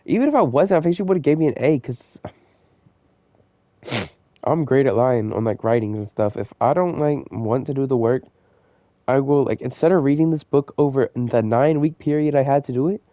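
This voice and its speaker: Young male storyteller, loose and rambling, lots of slang, mid-pitched, on a dull dry lo-fi recording. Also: normal speed, no room sound. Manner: rambling, slangy, full of fillers and digressions. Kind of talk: casual storytelling monologue.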